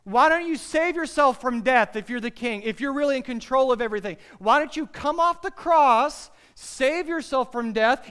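A man putting on jeering, high mocking scoffers. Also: fairly bright tone, smooth, in a large hall, exaggerated voice. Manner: taunting, mocking challenges. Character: jeering crowd of scoffers at a cross.

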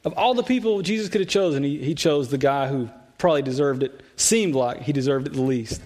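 A man's voice: a little high, brisk, darkish tone. A man preaching a sermon to a church congregation in a loose, conversational way, often repeating words and saying "like". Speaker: pastor. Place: church sanctuary.

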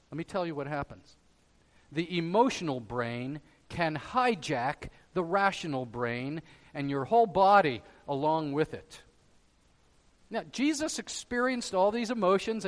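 A male pastor delivers a sermon in a slightly high voice. He pushes loudly on his main points, then drops low and soft. The long reverb of a large hall trails behind every phrase. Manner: emphatic preaching, swinging between loud stresses and quiet drops.

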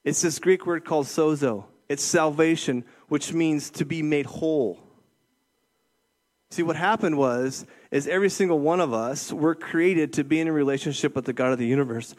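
Middle-aged guy preaching, kinda high voice, keeps saying okay? right? to the room. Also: moderate pace, darkish tone. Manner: conversational preaching, frequent "okay?" and "right?" check-ins. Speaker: youth pastor. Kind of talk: sermon.

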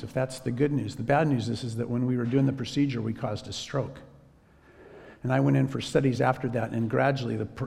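A man preaching a sermon as a story, in a relaxed conversational way. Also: medium pitch, gravelly, long reverb tail. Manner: conversational, drops to a whisper when quoting himself.

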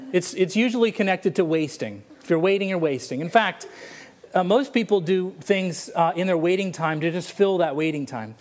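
Humorous male pastor preaching a sermon. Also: high voice. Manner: storytelling with humor. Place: church sanctuary.

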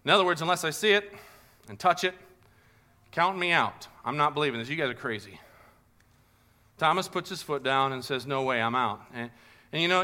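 Bright-voiced man preaching a lively sermon. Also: mid-range voice. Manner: animated storytelling, acting out voices in quotes. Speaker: pastor.

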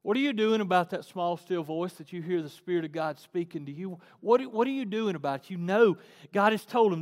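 High-voiced preacher in a reverberant hall. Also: male voice, a little fast. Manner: swings between loud preaching and soft asides. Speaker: pastor. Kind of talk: sermon.

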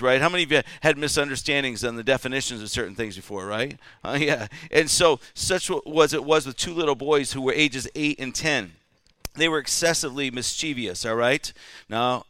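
A pastor with a medium-pitched, sharp, smooth voice preaches a Pentecost Sunday sermon at a church service, recorded in studio quality with no echo. He leads call-and-response and keeps checking in with the congregation, repeatedly asking "all right?"

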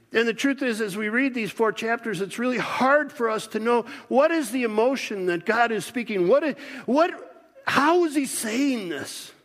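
High-voiced man preaching a sermon. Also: big-room sound. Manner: animated, conversational preaching with frequent restarts. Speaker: pastor.

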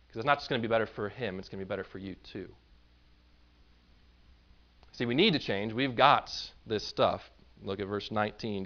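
A man's voice: on the low side, fairly bright tone, dull audio. A man preaching a sermon in a conversational way, now and then acting out the voices of the people he describes. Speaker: pastor.

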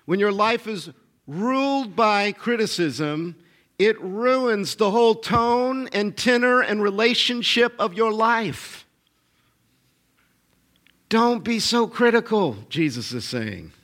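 High-voiced pastor preaching emphatically. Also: male voice, lively intonation, slow, fairly bright tone. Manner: emphatic, repetitive, calls for audience responses. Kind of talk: sermon.

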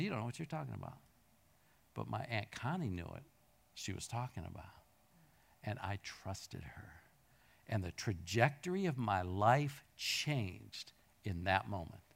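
A middle-aged man preaching a sermon to his congregation. He tells stories in an animated way, jumping from loud peaks to near-murmurs. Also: mid-range voice, vocal fry. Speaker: pastor. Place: church hall with a congregation.

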